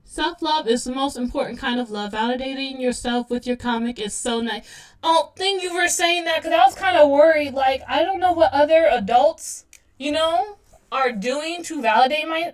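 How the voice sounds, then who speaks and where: A woman in her thirties chatting casually on a livestream while drawing, self-deprecating and laughing often. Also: high voice. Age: 30s. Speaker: webcomic artist streaming.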